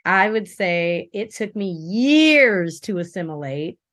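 A woman from Belize, the interview guest, telling her story in an animated, expressive way. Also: fairly low pitch, slow, no room sound, clean studio sound. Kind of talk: casual interview conversation.

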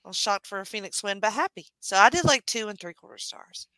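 A woman gives her blunt, casual take as a podcast guest, swearing freely. Her voice is bright and mid-pitched, recorded dry and close. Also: expressive, quick pace, dry recording, poor audio.

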